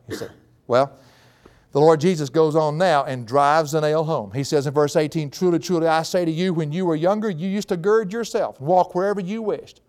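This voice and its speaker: A man preaching a sermon, folksy and animated, climbing to high excited peaks.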